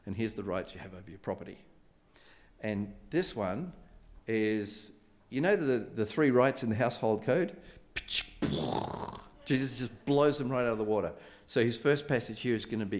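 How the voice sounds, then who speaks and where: Guy giving a sermon, low voice, animated storytelling, fillers all over. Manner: conversational, animated retelling with many fillers and restarts. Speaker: preacher.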